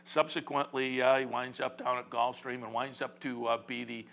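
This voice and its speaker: A man's voice: mid-range voice, level tone, moderate pace, gravelly, a bit bright, a little hiss or hum. A man hosting a horse racing talk show, rambling casually with many fillers and restarts.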